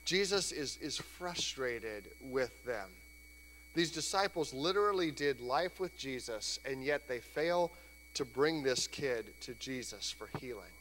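Pastor preaching in a reverberant church. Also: male voice, on the high side, a little slow, fairly bright tone. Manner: conversational preaching, acts out quoted voices. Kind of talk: sermon. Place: church sanctuary. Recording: church hall reverb, faint hum.

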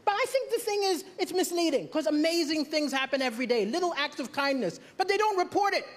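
A man's voice: very high voice, animated, quick pace. A man from Malawi doing a stand-up comedy set on stage, delivering dry punchlines and acting out the voices he quotes. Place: large theatre stage. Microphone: stage microphone. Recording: live stage with loud crowd. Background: loud audience laughter and cheering.

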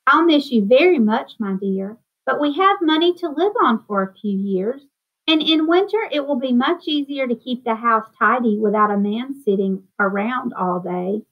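A woman's voice: a little high, lively intonation, moderate pace. A woman doing a practical, fond housewife. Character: practical, kindly middle-aged housewife. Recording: dull lo-fi sound.

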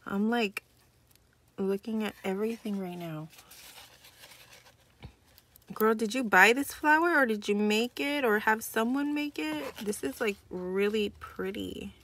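A woman's voice: medium pitch, a little slow, long pauses, a bit bright, slight background noise. A young adult woman hosting a casual crafting vlog, gushing and chatty as she opens a package. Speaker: crafting channel host.

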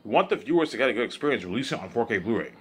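A man's voice: medium pitch, very animated, rapid-fire. Rambling young man vlogging. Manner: stumbles and repeats words, often asks whether the listener follows. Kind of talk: rambling casual monologue.

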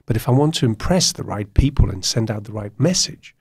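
A man from Poland, a radio guest telling stories in an animated way and tagging his points with "yeah?", recorded in a studio. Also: on the low side, fairly quick, slightly rough. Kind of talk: radio interview conversation.

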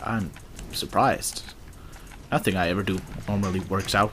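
A man giving casual let's-play commentary, excitable and sarcastic, swearing at the game. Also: sits low, normal speed, creaky, slight background noise. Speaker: gaming video host.

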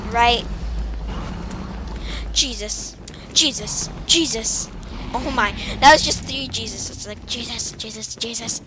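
A woman rambles through casual commentary on the game she's playing, giggling and making playful beeping sound effects. Her voice is a little high, and there's background noise with faint game music behind her.

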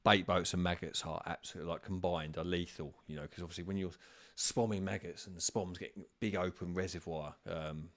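A deep-voiced man talks through carp fishing tactics in a loose, chatty way. He wanders through his answers, pausing on ums and restarting sentences. The sound is dry and close, with no room echo. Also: fairly even intonation, fairly bright tone. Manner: rambling, with frequent ums and restarts. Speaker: carp fishing expert answering viewer questions. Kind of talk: casual live-stream chat.

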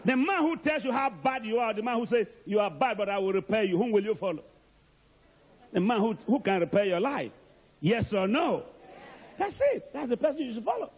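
A man's voice: extremely high pitch, big pitch swings, normal speed, husky. A male archbishop preaching a sermon emphatically and calling out to the congregation.

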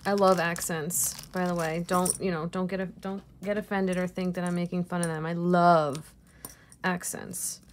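A woman's voice: fairly low pitch, flat delivery, moderate pace, slight background noise. A woman reseller chatting casually through an unboxing, gushing over each piece and laughing at herself. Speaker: jewelry reseller vlogger.

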